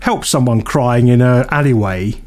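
A man co-hosting a radio chat show, telling stories casually and animatedly. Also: normal speed. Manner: animated storyteller, jumps up high for quoted voices.

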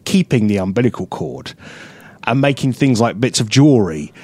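A man's voice: mid-range voice, brisk, no room sound. A man, co-hosting a casual radio chat show and telling stories with lots of laughter. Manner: animated, laughing storyteller. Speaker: radio co-host. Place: radio studio.

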